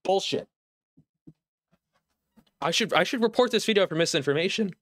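A man's voice: high voice, expressive, moderate pace, fairly bright tone, no echo, studio quality. A young man streaming live from home, ranting in mock outrage with lots of exasperation.

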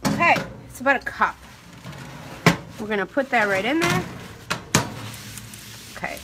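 A woman's voice: fairly high pitch, lively intonation, unhurried, very noisy. A young adult woman hosting a live cooking demonstration, chatty and upbeat, talking straight to her viewers. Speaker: cooking show host.

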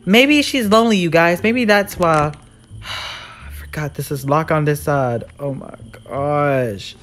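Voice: medium pitch, slow pace, fairly bright tone. A gamer giving live commentary on a horror game, jumpy and sassy, shrieking when scared and talking back to the villain. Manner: frightened shrieks and repeated exclamations.

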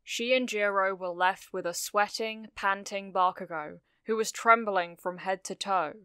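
A woman reading fan fiction aloud, narrating a story with steady, expressive delivery. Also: mid-range voice, measured pace, smooth, dry recording, clean studio sound.

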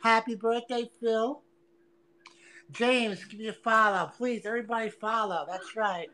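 A woman livestreaming an angry, profane rant, taunting and repeating herself with loud outbursts. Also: fairly high pitch, fairly even intonation, unhurried, low-quality recording.

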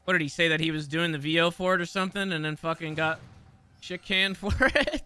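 A man's voice: on the high side, brisk, pushed and bright, clear, resonant tone. A young man doing gameplay commentary, swearing and laughing often in disbelief. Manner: profane, laughs often, incredulous. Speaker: gaming streamer.

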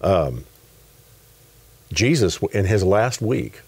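A man from West Texas explains scripture in an earnest, conversational way and keeps affirming his partner. His voice sits very low and carries a husky edge. His pitch moves freely as he stresses his points. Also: expressive, slow pace. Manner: earnest, affirming, drops to soft murmurs of agreement. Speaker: guest minister. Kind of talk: conversational Bible teaching.

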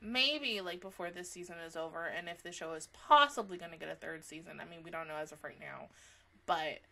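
A young woman chatting casually about an episode she just watched, excitable and laughing often, with a casual habit of swearing. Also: on the low side, brisk, vocal fry. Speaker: anime reaction vlogger. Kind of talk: casual reaction chat.

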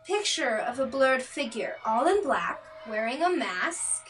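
A woman's voice: high voice, sing-song, unhurried, fairly bright tone, far from the mic, faint music behind, heavily acted. A woman voicing an earnest, eager young college girl who is a lab partner with a crush.

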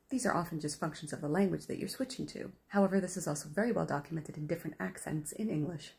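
A woman's voice: deep voice, quick pace, vocal fry, hardly any pauses, darkish tone. A woman with a North American accent, explaining a language topic to her channel's viewers with enthusiasm. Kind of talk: explainer monologue to camera.

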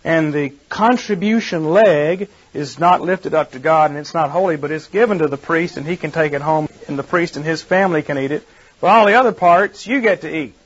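High-voiced man teaching a Bible class. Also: fairly quick, breathy edge. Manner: explanatory, asks the class questions. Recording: dull lo-fi archive recording.

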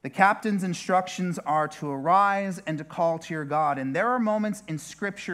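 A man's voice: high-pitched, moderate pace, few pauses, a bit bright. A male pastor preaching a sermon in a chatty way, turning often to the listeners with asides. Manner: conversational, with repeated asides to the listeners.

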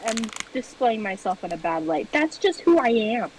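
Playful deadpan woman streamer. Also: a little high, normal speed, distant mic, a little hiss or hum, rough recording. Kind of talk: casual gameplay chat.

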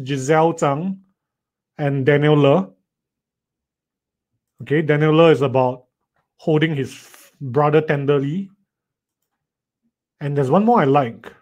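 A man's voice: on the high side, a little slow, long pauses, darkish tone. Man, writing tutor, playful teasing, raised voice. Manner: reads students' sentences aloud and teases them playfully. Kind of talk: live online writing lesson.

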